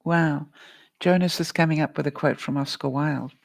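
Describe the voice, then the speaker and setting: Woman life-coach vlogger, very gravelly, dry close sound, encouraging live-stream talk. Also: deep voice, steady tone, moderate pace, dry recording. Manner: earnest, encouraging, addresses viewers by name. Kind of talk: live-stream pep talk answering chat.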